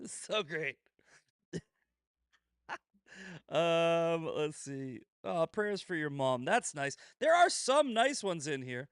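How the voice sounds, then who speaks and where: A man's voice: on the high side, expressive, takes it slowly, smooth, no room sound. A man hosting a casual commentary show in a slightly raised voice, recorded dry and close. He is sarcastic and swears a lot. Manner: laughing, profane, sarcastic. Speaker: host.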